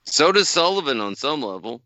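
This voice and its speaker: A man's voice: on the high side, very animated, moderate pace, sharp tone, no echo. A man co-hosting a casual podcast, wry and joking with strong opinions. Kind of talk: casual chat.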